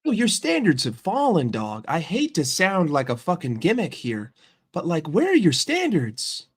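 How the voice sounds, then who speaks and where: Profane, heated American football fan. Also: male voice, a little high, huge pitch swings, moderate pace, breathy edge. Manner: profane, heated, emphatic repetition. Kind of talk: casual reaction rant.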